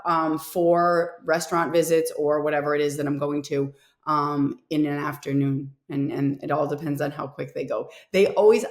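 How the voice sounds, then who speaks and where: Woman guest, low voice, talkative and laughing, in an echoey room; casual interview chat. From Rhode Island. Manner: chatty, laughs often. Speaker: guest, travel and food influencer.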